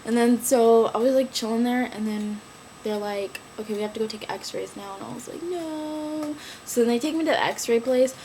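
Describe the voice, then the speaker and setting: A young woman telling a story in a casual vlog, animated and slangy, acting out quoted lines in a raised voice. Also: fairly high pitch, a little fast, slight background noise, low-quality recording. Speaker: vlogger.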